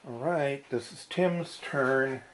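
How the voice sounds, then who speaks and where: A man's voice: mid-range voice, slow pace. A man with a dry throat muttering through blooper outtakes outdoors in the wind. He mocks himself and laughs at his own flubs. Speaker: horror show host and puppeteer.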